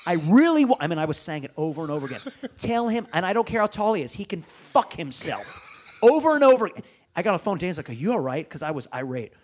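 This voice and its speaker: A man, a comedian guest on a podcast, telling an animated story, acting out phone calls and swearing freely. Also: fairly high pitch, quick pace.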